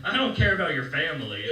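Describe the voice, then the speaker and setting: Animated high-voiced comedian in a roomy club. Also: male voice. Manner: animated storytelling, acts out quotes. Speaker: stand-up comedian. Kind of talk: stand-up set to a live crowd. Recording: roomy club sound, mic heard from a distance, crowd noise. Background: audience laughing.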